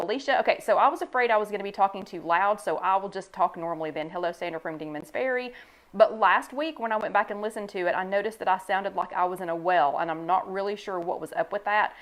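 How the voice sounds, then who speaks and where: An older woman hosts a casual live stream from home, talking into a desk microphone. She is chatty and relaxed, greeting viewers by name and reading their comments aloud. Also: mid-range voice. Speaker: host of a live online chat. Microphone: new desk microphone.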